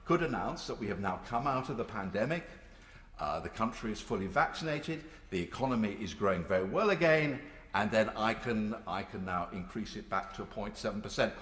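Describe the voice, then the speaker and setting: Older guy making a parliament speech, big swinging pitch, dry sarcastic jabs, echoey hall. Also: fairly bright tone, a little hiss or hum. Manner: emphatic, rhetorical, dryly sarcastic. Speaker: member of parliament. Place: large debating chamber. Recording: echoey chamber with long reverb.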